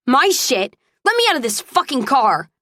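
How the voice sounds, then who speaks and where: A woman voicing a furious, tipsy young college woman yelling shrill protests in an audiobook. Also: big pitch swings, normal speed, no echo, studio quality, exaggerated voice.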